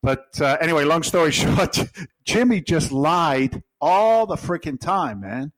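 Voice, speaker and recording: A man's voice: a little high, lively intonation, a little slow, fairly bright tone, dry recording, low-quality recording. A middle-aged man with an English accent, a podcast guest telling stories in a blunt, jokey, swearing way. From England. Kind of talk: casual storytelling.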